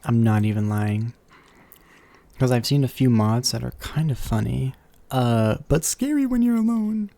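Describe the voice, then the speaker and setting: A man's voice: mid-range voice, fairly even intonation, a little slow, gravelly, long pauses, dark tone. A man chatting casually on a live stream from home, rambling and playful, full of asides. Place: warm room at home. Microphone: desk microphone. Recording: slight background hum.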